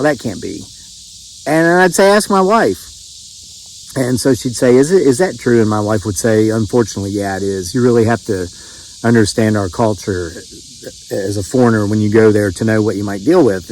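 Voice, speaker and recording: A man's voice: on the low side, darkish tone, slight background noise, low-quality recording. Middle-aged West Virginia man telling a story. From West Virginia, USA. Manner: rambling, frequent restarts and quoted dialogue. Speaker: channel host telling a story. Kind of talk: casual storytelling monologue.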